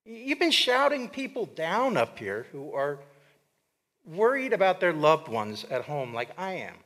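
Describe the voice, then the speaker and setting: A man giving an impassioned, pointed public comment at a council meeting, with restarts and pauses. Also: a little high, very animated, fairly bright tone, big-room sound. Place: council chamber.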